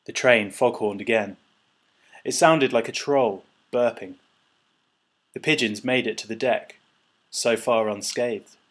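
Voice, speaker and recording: A man's voice: mid-range voice, steady tone, measured pace, pauses often, a bit bright. A man narrating a children's storybook chapter aloud, doing the characters' voices. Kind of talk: audiobook narration.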